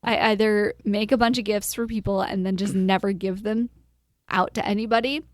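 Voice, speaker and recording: A woman's voice: medium pitch, steady tone, normal speed. A woman co-hosting a podcast in casual chat, rambling with lots of fillers and acting out her own quotes. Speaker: podcast co-host.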